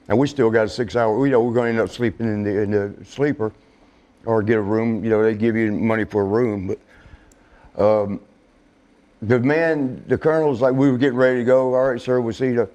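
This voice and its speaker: A middle-aged man telling a casual story, laughing often and swearing, acting out quotes in a higher voice. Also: moderate pace, a little mellow. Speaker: interview guest.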